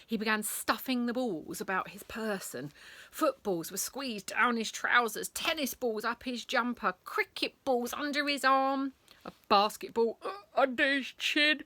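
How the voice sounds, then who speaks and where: A woman reading a bedtime story, animated, acting out sound effects and dropping to whispers. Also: fairly high pitch, unhurried, no echo.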